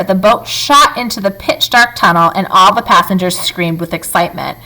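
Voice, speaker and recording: A woman reading a children's book aloud in an expressive, lively storytelling manner. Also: medium pitch, fairly quick, few pauses, poor audio.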